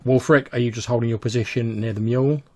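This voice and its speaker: A man's voice: medium pitch, fairly even intonation, quick pace. A man narrating as game master in a casual, descriptive manner, full of filler words.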